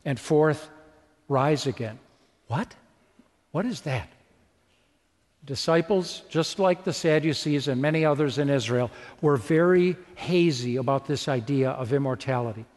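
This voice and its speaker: A male preacher retelling a story in a sermon, vivid and full of rhetorical questions. His voice sits fairly high for a man. Long reverb from a large hall trails each phrase. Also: measured pace, a little mellow.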